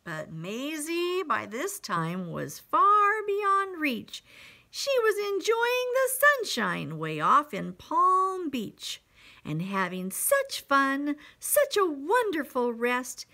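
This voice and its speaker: A woman's voice: high-pitched, wildly swooping pitch, takes it slowly, sharp tone. A woman teacher reading a picture book aloud to young children, expressively, with asides to them.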